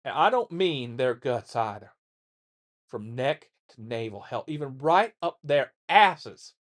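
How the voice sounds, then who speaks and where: A man voicing a gruff old war veteran father who lectures his son in a blunt, coarse, folksy way. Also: mid-range voice, big pitch swings, slow pace, pitched below the performer's own voice. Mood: grim. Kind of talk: reading a letter aloud in character.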